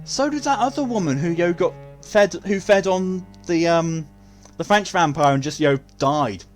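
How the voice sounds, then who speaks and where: A man's voice: sits high, moderate pace, soft background music. A man streaming a video game, chatting casually with his viewers, joking, swearing freely and laughing often. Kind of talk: casual gaming stream chat.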